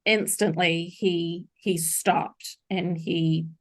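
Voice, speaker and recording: A woman's voice: on the low side, steady tone, very slow. A middle-aged woman, a podcast guest, earnestly recounting a personal story in an interview.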